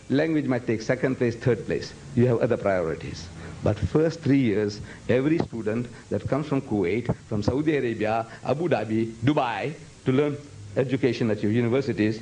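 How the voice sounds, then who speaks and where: A man's voice: mid-range voice, expressive, moderate pace, mellow, poor audio. A man giving a public lecture to students. He speaks emphatically, repeats phrases for effect and breaks into Arabic recitation. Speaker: Islamic lecturer.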